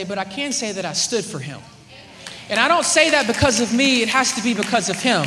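A young man preaching, telling a story with animated swings from loud to hushed. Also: extremely high pitch, brisk, background noise. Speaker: youth preacher. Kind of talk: sermon with storytelling. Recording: echoey room, faint ambience.

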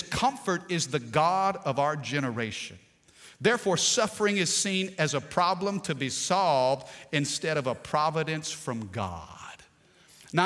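A man's voice: a little high, a bit bright. A male pastor preaching a sermon, calling out to the congregation and slipping in playful jokes. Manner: preachy call-and-response, playful asides. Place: church sanctuary. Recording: long hall reverb.

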